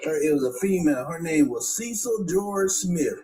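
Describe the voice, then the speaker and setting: A man on a podcast telling a story in a halting way. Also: fairly high pitch, lively intonation, dark tone, roomy sound, far from the mic, slight background noise. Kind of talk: casual chat.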